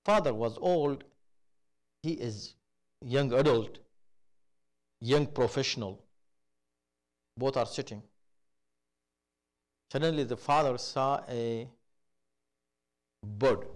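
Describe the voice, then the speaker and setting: A man preaching a sermon, telling a story in an animated way. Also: medium pitch, slow pace, long pauses.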